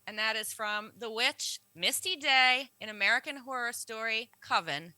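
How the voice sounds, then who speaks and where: A woman co-hosting a podcast, chatting casually and briskly listing cast and facts. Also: on the high side, sharp tone, dry recording, poor audio. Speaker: podcast co-host. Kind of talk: casual chat presenting a show.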